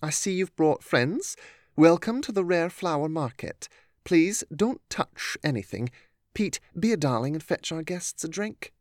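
A man doing a soft, genteel lady shopkeeper. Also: fairly high pitch, expressive, a little slow, no room sound, studio quality, pitched above the performer's own voice. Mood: welcoming. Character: soft-spoken genteel woman shopkeeper, charming.

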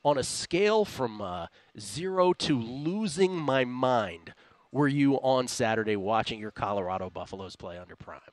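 A man's voice: mid-range voice, expressive, normal speed, dry recording. A man hosting a sports betting radio show, chatting casually and laughing often. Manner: chatty, laughs often, reads listener tweets aloud.

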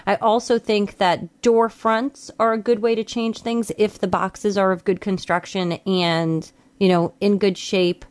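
A woman of middle pitch co-hosts a call-in radio show. She speaks in a relaxed, helpful way, offering practical options to a caller. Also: measured pace, few pauses. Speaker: radio co-host.

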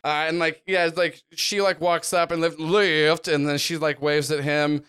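A man's voice: fairly high pitch, flat delivery, moderate pace, fairly bright tone, smooth. A man narrating a tabletop game as game master, rambling with lots of fillers. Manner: rambling, full of likes and uhs.

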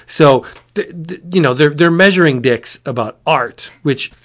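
A man's voice: fairly high pitch, unhurried. Rambling man retelling a comic. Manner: rambling, animated retelling with laughs and restarts. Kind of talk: casual chat.

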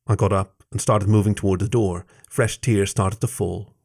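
A man narrating a first-person story aloud in a measured, soft-spoken reading. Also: on the low side, fairly even intonation, gravelly. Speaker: story reader.

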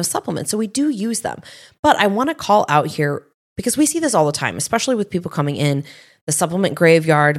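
Low-voiced casual woman podcast co-host. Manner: relaxed, filler-heavy, lots of "like".

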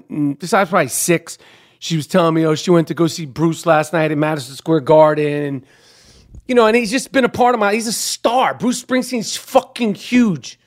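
A middle-aged male podcast host with a fairly high voice. He rambles through a casual monologue, restarting his sentences often. He swears freely and talks bluntly.

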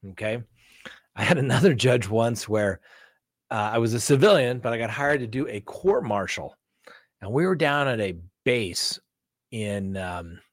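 A man's voice: on the low side, dry recording, studio quality. A middle-aged man, a defense attorney, telling courtroom stories in casual chat and acting out both sides of each exchange. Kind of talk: casual chat answering viewer questions.

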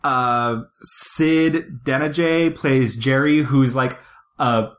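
A man's voice: medium pitch, fairly even intonation, slow. Enthusiastic male film podcast host. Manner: gushing, enthusiastic, swears casually. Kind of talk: casual chat.

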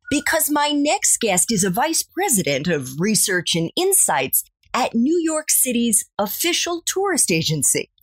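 A woman's voice: on the high side, breathy edge, no echo, studio quality. A woman hosting a podcast, reading an upbeat scripted intro full of playful coffee puns. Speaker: podcast host.

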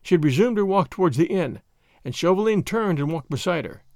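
Man, audiobook narrator, expressive, dry close recording. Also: high-pitched, fairly quick, no room sound. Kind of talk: scripted narration.

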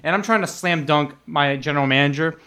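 Young guy telling work stories, bit high voice, laughs a lot, does the voices. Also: fairly quick, bright, forceful tone. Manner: laughing storyteller, acts out quotes in a higher voice. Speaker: podcast co-host telling restaurant stories. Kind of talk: casual chat.

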